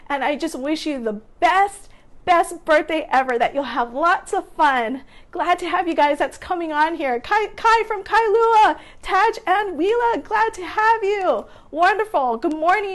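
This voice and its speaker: A woman painting instructor from Hawaii, warmly greeting viewers by name during a live-stream lesson and cheering often. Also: very high voice.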